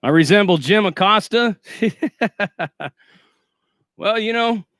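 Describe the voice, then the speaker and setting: Male streamer, sarcastic and foul-mouthed; bright, clear voice, dry close sound. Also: high-pitched, moderate pace, no room sound. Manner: profane, sarcastic and boastful. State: shaky and winded after a workout. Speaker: livestream host. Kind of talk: casual livestream rant.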